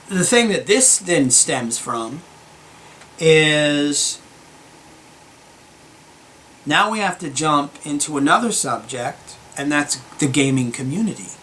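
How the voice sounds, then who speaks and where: A young man hosting his gaming channel, giving a calm, earnest opinion monologue with many fillers and restarts. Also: medium pitch, a little hiss or hum. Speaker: gaming YouTuber.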